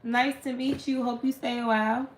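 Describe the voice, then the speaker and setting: A woman's voice: fairly high pitch, flat delivery, normal speed. Blunt, profane woman in an echoey room. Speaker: tarot reader. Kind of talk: late-night casual live chat. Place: room at home at night. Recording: echoey room with faint hum.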